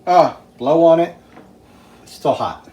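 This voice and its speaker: A man hosting a home cooking video, talking slowly and easily to viewers as he plates and tastes a dish in his kitchen. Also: on the high side, echoey room. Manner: slow, relaxed, talks to viewers while tasting. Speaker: home cooking show host. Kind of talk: casual cooking demonstration.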